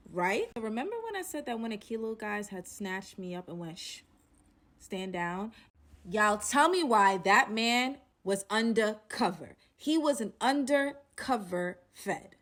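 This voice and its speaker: A woman telling a personal story in a casual storytime style, acting out the other voices and using a lot of slang. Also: mid-range voice. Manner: animated, acts out quotes, slangy.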